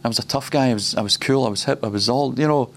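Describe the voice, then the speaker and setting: A man's voice: mid-range voice, fast, fairly bright tone, a little hiss or hum. A man preaching at a ministry school, personal and reflective, often laughing between points.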